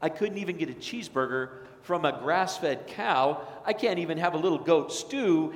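A man's voice: fairly high pitch, expressive, moderate pace, lightly acted. A man voicing a resentful, entitled older brother who rants in a whiny, indignant way. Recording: reverberant church hall.

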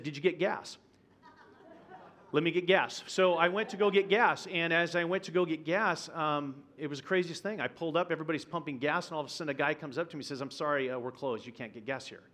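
A male pastor speaks in a church auditorium, his voice a touch higher than most men's. He tells a personal story in a conversational sermon style and acts out what people said. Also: fairly bright tone. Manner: vivid, conversational storytelling with acted-out quotes. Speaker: guest pastor.

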